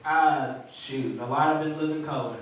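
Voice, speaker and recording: A man doing a stand-up comedy set, telling stories in an animated, laughing way with voiced impressions, on a small studio stage. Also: a little high, moderate pace, very noisy. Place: small TV studio with a live audience. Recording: echoey room from far off with a loud crowd.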